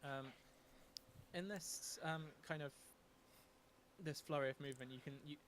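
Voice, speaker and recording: A man's voice: a little high, a little slow, a bit bright, slight background noise. A man narrating a tabletop game as game master, talking with many ums and restarts.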